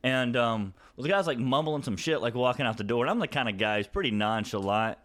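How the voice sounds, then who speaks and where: A man's voice: medium pitch, a little fast, a bit bright. A man on a podcast telling rambling, profane stories in casual chat, laughing often as he talks.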